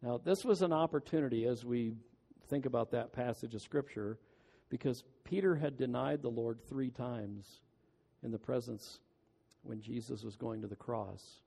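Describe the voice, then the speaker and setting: A man's voice: mid-range voice, moderate pace, creaky, warm tone, husky, long reverb tail. A man preaching a sermon, earnest and emphatic, with folksy asides. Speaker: pastor.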